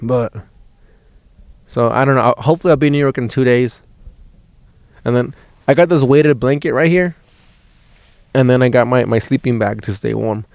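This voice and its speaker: A man's voice: medium pitch, moderate pace, vocal fry, long pauses, darkish tone, no room sound. A man, a stand-up comedian on a road trip, telling a rambling story in a casual, profane way, often restarting his words and laughing as he goes.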